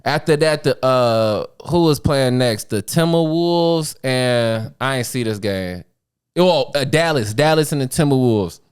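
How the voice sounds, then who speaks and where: A man's voice: medium pitch, a little slow, smooth. A man co-hosting a podcast, telling stories in slangy casual chat with lots of laughter. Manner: slangy, laughing, animated storytelling. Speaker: podcast co-host.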